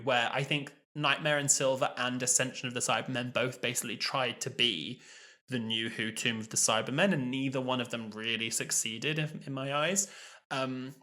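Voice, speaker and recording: A man's voice: mid-range voice, pushed and bright. A man in his twenties co-hosting a podcast, chatty and rambling in casual conversation. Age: 20s. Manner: chatty, rambling with many fillers. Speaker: podcast co-host. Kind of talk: casual chat.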